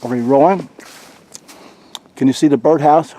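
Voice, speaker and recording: A man's voice: a little high, moderate pace, slight background noise. A man chatting casually to his camcorder while out alone in winter woods by a creek. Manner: relaxed, chatty, talks to the camera. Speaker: outdoor vlogger. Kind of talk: casual solo vlog. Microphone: handheld camcorder mic.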